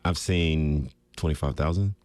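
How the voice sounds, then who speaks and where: A man in his thirties, a former pro basketball player, telling relaxed stories as a guest on a sports radio show and laughing easily. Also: very deep voice, a little slow, no echo. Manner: laid-back storytelling, laughs easily. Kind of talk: casual sports radio chat. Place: radio studio. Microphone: studio microphone.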